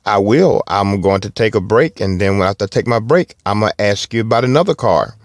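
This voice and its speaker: A Southern man with a lowish voice hosts a car podcast in a folksy, halting way, often restarting his sentences. The sound is dry and close. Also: lively intonation, no room sound. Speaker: podcast host. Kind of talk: casual podcast talk.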